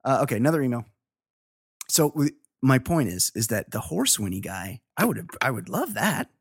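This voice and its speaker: A middle-aged male podcast co-host with a mid-pitched voice, reading emails and drifting into crude, rambling stories. The recording is dry and close to the mic. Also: sing-song, normal speed, gravelly, slightly rough, dry recording. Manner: rambling, crude, swears freely. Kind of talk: casual podcast banter, reading listener emails.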